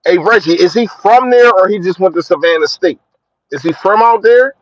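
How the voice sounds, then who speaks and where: A man's voice: normal speed, no room sound. Young philly man, casual live-stream sports chat, slangy, dry dull lo-fi sound. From Philadelphia. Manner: slangy, shouts out viewers, lively swings in pitch. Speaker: sports vlogger. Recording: dry, dull lo-fi phone audio.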